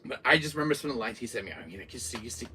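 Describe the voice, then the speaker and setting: A man hosting a gaming channel, excitedly retelling a game in a casual way, laughing often and restarting sentences. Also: medium pitch, racing, slight background noise.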